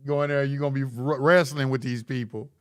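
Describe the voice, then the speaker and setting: A man's voice: medium pitch, fairly even intonation, a little fast, clean tone. A man hosting a live stream, reading chat questions and answering them in a blunt, lecturing way with casual slang, often repeating himself.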